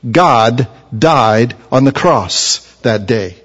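A man delivers a sermon with a middle-pitched voice. His delivery climbs to loud, fervent peaks and then drops to low, quiet teaching. The sound rings with a long reverb, as in a large hall. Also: lively intonation, very slow. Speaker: preacher.

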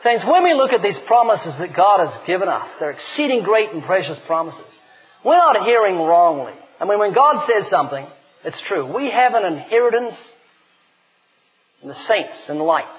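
Middle-aged male preacher, high-pitched and lively, on a muffled, lo-fi tape. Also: moderate pace. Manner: animated storyteller, emphatic. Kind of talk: sermon with humorous anecdotes. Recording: dull lo-fi recording.

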